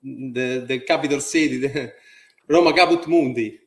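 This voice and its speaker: Italian man in halting English. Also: medium pitch. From Italy, Rome. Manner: halting English, laughs often. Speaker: live stream host. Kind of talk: casual chat.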